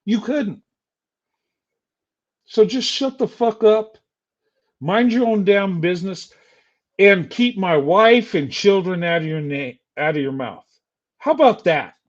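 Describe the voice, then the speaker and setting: Older man, livestream rant, angry, taunting, highish pitch, dull lo-fi audio. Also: animated, takes it slowly, long pauses. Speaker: streamer.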